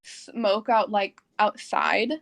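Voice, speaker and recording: In a mid-range, creaky, slightly bright voice, a young Texan podcast co-host speaks very slowly. Her casual talk rambles along, packed with fillers and punctuated by laughter.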